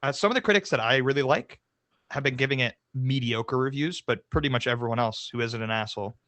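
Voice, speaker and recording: A young man in his twenties co-hosting a movie podcast with a bright, forceful voice. He talks casually, swears freely and breaks into laughter. The sound is dry and close, from a remote call. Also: medium pitch, fast, dry recording. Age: 20s. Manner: animated, profane, laughs often. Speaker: podcast co-host. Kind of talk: casual chat.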